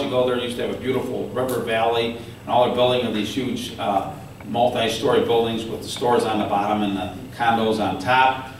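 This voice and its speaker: Giving a speech to an audience at a political forum, a man in a mid-range voice tells animated stories and dramatizes the officials he quotes. The recording comes from a distance in a very echoey room and carries a little hiss or hum.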